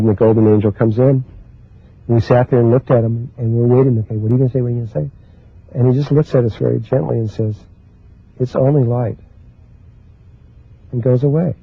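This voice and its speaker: A man speaks at a middle pitch with a husky, breathy edge, giving a spiritual talk. He moves slowly and haltingly through his thoughts. The sound is dry and thin, like it came down a phone line. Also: steady tone, dry recording. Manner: slow, halting, with many pauses and restarts. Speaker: spiritual teacher.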